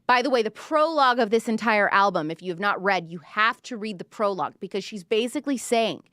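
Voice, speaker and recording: A young woman giving a casual, animated reaction commentary, acting out quoted lines with big jumps in her voice. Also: medium pitch, a little fast, hardly any pauses, no room sound, studio quality. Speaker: commentator reviewing an album.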